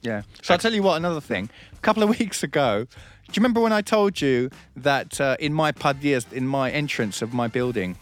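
A man's voice: medium pitch, brisk, soft background music. A man hosting a casual comedic radio chat, telling stories with lots of laughter and acting out the grumpy people he describes. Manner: animated storyteller, laughs a lot, acts out grumpy locals. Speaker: radio show host.

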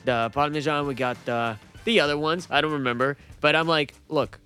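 A man's voice: fairly high pitch, a little fast, clear, resonant tone, faint music behind. Russian-accented man telling a story. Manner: storytelling, animated. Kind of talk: casual comedic chat.

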